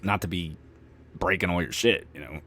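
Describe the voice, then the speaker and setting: A man hosting a podcast, telling personal stories in a candid, conversational way, swearing freely and with dark humor. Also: sits low, normal speed. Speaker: podcast host. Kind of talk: personal storytelling monologue.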